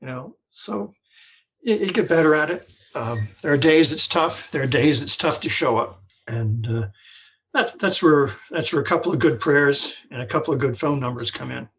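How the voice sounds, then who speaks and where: An older man from New Jersey telling his story as a guest, halting and repeating words as he talks. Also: a little high, fairly bright tone, poor audio. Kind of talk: personal recovery story.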